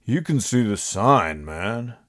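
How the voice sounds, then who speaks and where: A man's voice: low voice, expressive, slow, darkish tone, breathy edge, dry recording, clean studio sound, full character voice. A man putting on a drawling, weary homeless man. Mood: exasperated.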